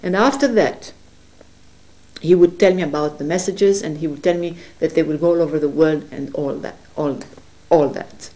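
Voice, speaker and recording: A woman giving an earnest, gentle spiritual testimony at her home, sometimes searching for words as she speaks. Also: sits low, moderate pace. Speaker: religious speaker. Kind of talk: personal spiritual testimony to camera.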